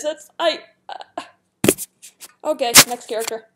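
A young woman YouTuber whispers in a high-pitched voice, speaking slowly and pausing often. She reads out a guessing game's questions and answers them, giggling in casual, chatty commentary.

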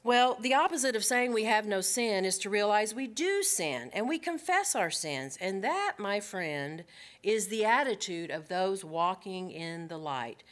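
An earnest woman leads a women's Bible study at a middle pitch. She speaks straight to her listeners, asks them rhetorical questions, and draws out the words she wants to stress. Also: animated, fairly bright tone. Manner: slows down to stress key points.

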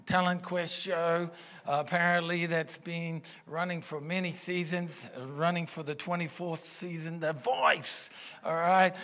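Slow-speaking preacher, man. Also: fairly high pitch, fairly bright tone. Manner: earnest, conversational preaching with rhetorical questions. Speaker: pastor. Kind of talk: sermon. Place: church auditorium. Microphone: stage microphone.

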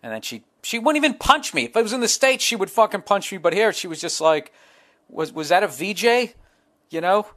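A man's voice: high voice, very animated, fast talker, hardly any pauses, fairly bright tone. A middle-aged man, hosting a solo podcast, telling profane, rambling comic stories. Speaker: podcast host.

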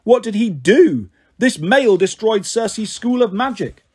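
A man's voice: high-pitched, expressive, unhurried, slightly rough, pitched above the performer's own voice, full character voice. A man voicing a proud, cold woman warrior queen in a storybook reading, commanding and icy.

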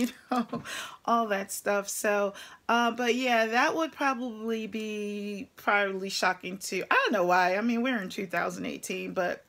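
A woman's voice: mid-range voice, unhurried, a bit bright. A woman truck driver with a New Jersey accent, chatting frankly to camera, laughing often and putting on voices as she tells stories. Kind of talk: casual talk to camera. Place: at her computer.

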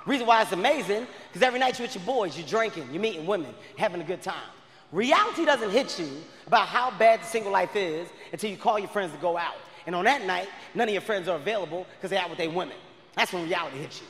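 A high-voiced comedian yells a loud, profane stand-up set, talking fast and telling stories with lots of animation. He performs on a large theater stage, picked up by a live stage mic with hall reverb.

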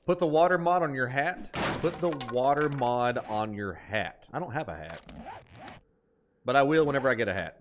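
A man's voice: mid-range voice, animated, moderate pace, background noise. A man with an Appalachian twang, chatting casually while streaming a game, reading chat aloud and laughing easily.

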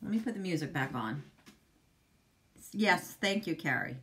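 A woman's voice: fairly low pitch, expressive, unhurried, pauses often, bright, forceful tone. A middle-aged woman hosting a casual live makeup demo at home, chatting with viewers and answering them by name. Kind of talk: casual live-stream chat.

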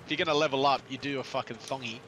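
A man's voice: mid-range voice, steady tone, racing, bright, forceful tone, a little hiss or hum. A young man chatting while gaming with friends, rambling and giggling, often restarting his sentences. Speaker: gamer friend. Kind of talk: casual gaming chat with friends.

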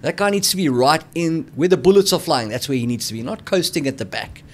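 A man's voice: fairly high pitch, lively intonation, fairly quick. Blunt, opinionated man talking rugby. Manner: opinionated, blunt, says "mate". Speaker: rugby podcast co-host. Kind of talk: casual sports chat.

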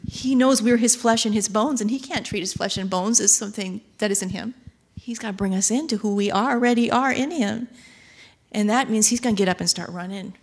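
A woman preaching a sermon in an animated way, acting out quoted voices and laughing as she goes. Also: mid-range voice.

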